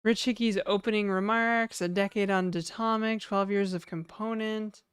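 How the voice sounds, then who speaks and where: A woman from New Brunswick, Canada, chats and rambles casually on a livestream, joking and laughing often. Her mid-range voice is clear and resonant, with fairly even intonation and normal speed, captured in a dry, studio-quality recording.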